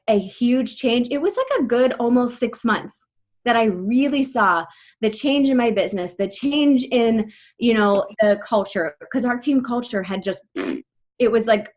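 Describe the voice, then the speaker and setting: A woman in her thirties leading a team call, telling a personal story quickly and breathlessly, full of "like" fillers, her voice shaking with emotion. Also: on the high side, a bit bright. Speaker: team leader speaking to her coaching team.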